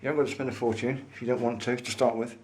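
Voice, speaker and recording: A man's voice: mid-range voice, steady tone, racing, darkish tone, a little hiss or hum. A man vlogging, chatting enthusiastically to camera in a pipe maker's showroom. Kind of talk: casual showroom chat to camera.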